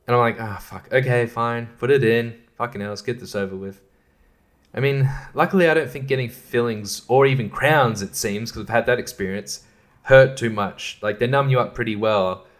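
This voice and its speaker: An Australian man in his thirties hosts a solo podcast, ranting with profanity and exasperation and laughing at his own complaints. His voice sits in the mid range.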